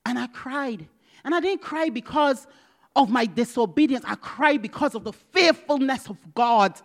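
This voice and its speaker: A woman preaching a personal testimony, dramatic, moving from loud exclamations to hushed whispers and acting out dialogue. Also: sits high, lively intonation, moderate pace. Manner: acts out quoted dialogue with God.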